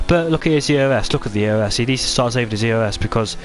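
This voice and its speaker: A man doing casual live commentary on a racing game league, chatty and excitable, often restarting his sentences. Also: medium pitch, racing.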